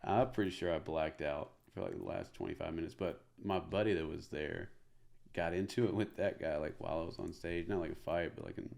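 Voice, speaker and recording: A man from Middle Tennessee, a comedian guest telling an animated story full of fillers. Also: sits low, a little fast, vocal fry. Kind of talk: casual storytelling.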